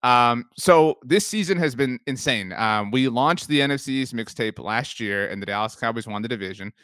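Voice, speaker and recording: A man co-hosting a sports podcast, upbeat and joking, with frequent restarts as he rambles. His voice sits at an ordinary middle pitch. The sound is dry and close. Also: animated, normal speed, a bit bright, clear, resonant tone, no room sound. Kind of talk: casual sports chat.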